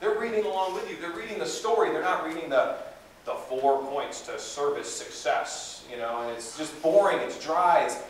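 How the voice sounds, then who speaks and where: A man giving a live seminar talk to an audience in a conference room, energetic and conversational with plenty of fillers and asides. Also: on the high side, normal speed. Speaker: guest speaker. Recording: echoey room from far off, faint hiss.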